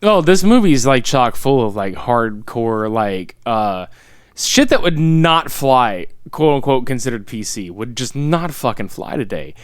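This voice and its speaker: A man co-hosting a podcast, chatting casually about a movie in an animated, profane way and laughing often. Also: mid-range voice, unhurried, smooth, no echo, studio quality. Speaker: podcast co-host.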